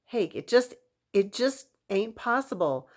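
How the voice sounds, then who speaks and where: Storybook cowboy, folksy drawl, startled, read by a woman, lowish voice. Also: slow, a bit bright. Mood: bewildered. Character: gruff little man, a startled cowboy.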